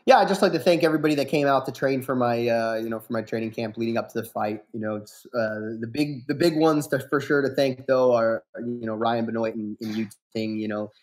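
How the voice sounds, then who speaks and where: A man in his thirties, a fighter guest on a podcast, talking in a relaxed, rambling way full of fillers and restarts. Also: medium pitch, a little fast, few pauses. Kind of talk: casual podcast interview.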